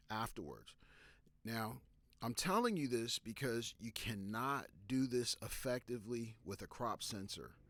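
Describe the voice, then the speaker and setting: A man's voice: mid-range voice, fairly bright tone, no echo. A man giving photography tips on a live stream, talking loosely with fillers and restarts and stopping to answer viewer questions. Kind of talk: casual live-stream talk.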